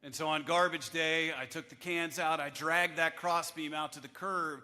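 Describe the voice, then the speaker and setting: A man in his fifties, a chaplain giving a devotional address to lawmakers in a wry, measured storytelling manner, at a podium microphone in a large chamber. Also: a little high, steady tone, sharp tone. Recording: echoey hall with long reverb.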